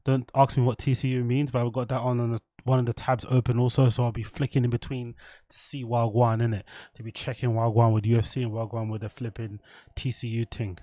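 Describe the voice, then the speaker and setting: A man's voice: medium pitch, little pitch movement, a little fast, dark tone, no echo, studio quality. A man hosting a casual livestream, talking loosely to his viewers in slang and with plenty of swearing. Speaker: livestream host. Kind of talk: casual rambling livestream chat.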